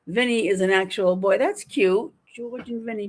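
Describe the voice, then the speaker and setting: A chatty woman in her fifties hosts a livestream from home. She talks in a casual, lively way, reading viewer comments aloud and answering them. Her voice sits at a middle pitch for a woman. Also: moderate pace. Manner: chatty, animated, reads chat aloud. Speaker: livestream host.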